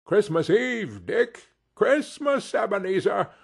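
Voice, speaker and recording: A man voicing a plump, jovial old male employer who shouts with hearty cheer. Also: sits high, very animated, slow, gravelly, slightly rough, voice pushed up, exaggerated voice. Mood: jovial shouting. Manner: boisterous and cheery.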